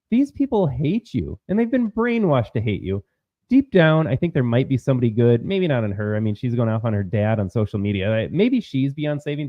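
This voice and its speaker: A man's voice: mid-range voice, no room sound, lo-fi sound. An American man hosting political commentary, heated, mocking and sarcastic. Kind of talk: commentary on clips.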